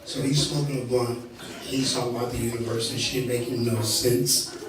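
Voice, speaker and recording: A man's voice: mid-range voice, flat delivery, normal speed. Male stand-up comic from Indiana, profane and self-deprecating, recorded live from a distance. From Indiana, USA. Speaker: stand-up comedian. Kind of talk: live stand-up comedy set. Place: live comedy venue. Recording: echoey venue from far off with crowd.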